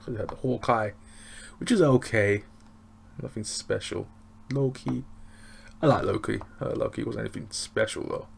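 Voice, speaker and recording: A man's voice: fairly low pitch, normal speed, gravelly, long pauses, slight background noise. An English man reviewing a show in a loose, rambling, chatty way. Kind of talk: casual review chat.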